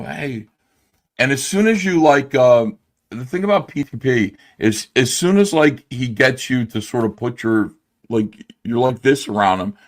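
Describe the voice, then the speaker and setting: A man hosting a livestream in heated casual chat, blunt and profane, rambling through fillers. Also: medium pitch. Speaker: livestream host.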